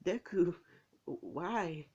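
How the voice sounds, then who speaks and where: A man voicing a flustered teenage girl who was caught cheating, pleading and defensive, pitched up high. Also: lively intonation, drawn-out words, a little mellow, dull audio, heavily acted.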